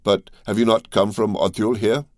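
A man voicing an imperious count who gives his servants orders in a measured tone. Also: fairly low pitch, fairly even intonation, no room sound, studio quality, voice pushed up, natural voice. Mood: commanding. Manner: commanding, measured. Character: imperious older male count, cold master.

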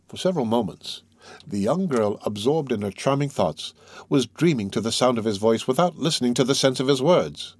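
Guy reading an old novel out loud, measured and expressive, dry close sound. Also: mid-range voice, breathy edge, dry recording. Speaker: audiobook narrator. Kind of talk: classic novel read aloud.

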